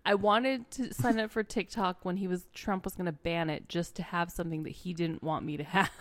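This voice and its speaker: A woman's voice: on the low side, fairly even intonation, normal speed, dry recording, clean studio sound. An American woman co-hosting a podcast in casual chat, playful and teasing, giggling often. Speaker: podcast co-host.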